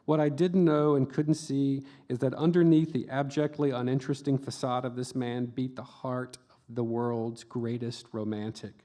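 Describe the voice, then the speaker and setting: Middle-aged man, author reading his memoir live, deadpan comic delivery, brief offhand asides, medium-pitched voice. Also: moderate pace. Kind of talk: live reading at a book festival. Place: book festival event before an audience.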